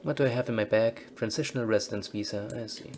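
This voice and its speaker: A man's voice: fairly low pitch, steady tone, fast talker, darkish tone, a little hiss or hum. A man casually commentating on a game he plays, reading its text aloud and adding dry, wry asides. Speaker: let's-play host.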